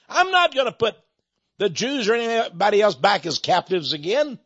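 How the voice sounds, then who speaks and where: A man's voice: high-pitched, big pitch swings, moderate pace, fairly bright tone, slightly rough, no echo. A man leading a ministry, preaching in a folksy, rambling conversational monologue that speaks to listeners as folks. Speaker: ministry leader. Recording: dull lo-fi sound.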